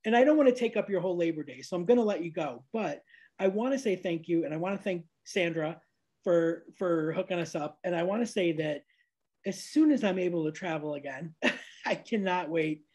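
A woman's voice: fairly low pitch, fairly quick, warm tone. A woman from upstate New York hosting a casual interview, chatty and full of fillers, laughing often. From Niagara Falls, New York, USA. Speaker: podcast host. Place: lives abroad, recorded at home with cats.

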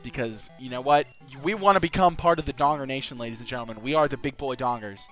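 A man's voice: medium pitch, fast talker, fairly bright tone, faint music behind. A young man hosting a let's play, giving casual gameplay commentary and breaking into giddy laughter and swearing.

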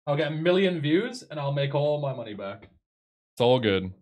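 A man's voice: fairly high pitch, big pitch swings, moderate pace, darkish tone. A man with an English accent chatting casually on a live stream, sarcastic and swearing freely.

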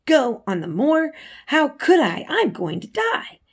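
A woman's voice: medium pitch, animated, measured pace, creaky, breathy edge, full character voice. A woman reading aloud, voicing a sickly, spoiled boy who sounds cross and resentful. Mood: agitated. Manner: cross, complaining.

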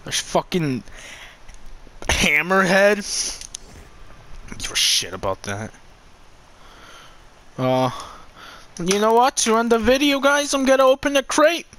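A man commenting on his own gameplay, swearing a lot and swinging between loud outbursts and low muttering. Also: animated, slow, pauses often, a little hiss or hum. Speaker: gamer.

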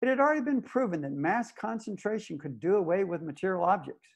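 A man's voice: sits high, animated, quick pace, vocal fry, heavily acted. An actor playing a stubborn old space ranger who narrates his own story in an audio drama, blunt and plainspoken. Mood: brooding. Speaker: narrator and lead character.

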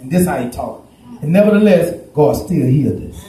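A pastor preaching a folksy, story-driven sermon that swells into shouts. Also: male voice, fairly high pitch, animated, brisk. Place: church sanctuary. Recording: echoey church room.

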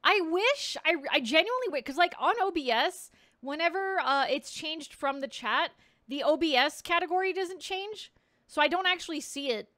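A woman streaming a game and chatting casually with viewers, bubbly and quick to thank them, rambling along with lots of "like" in her speech. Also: very high voice, lively intonation, bright, forceful tone, no room sound. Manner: rambling, filler-heavy speech full of "like". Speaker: VTuber streamer playing a game. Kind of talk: casual gameplay chat with viewers.

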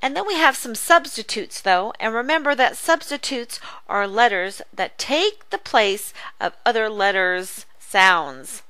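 A woman tutor giving a phonics lesson, speaking slowly and over-enunciating each sound for young readers. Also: a little high, animated, pushed and bright, no echo. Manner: slow, careful, over-enunciated teaching. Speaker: reading tutor.

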